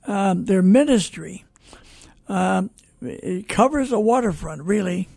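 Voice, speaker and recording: An older man hosting a Christian radio program, reading listener calls with slow, preacherly asides. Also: high-pitched, expressive, vocal fry, a little mellow, no room sound. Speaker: radio host and network founder. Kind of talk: folksy radio commentary.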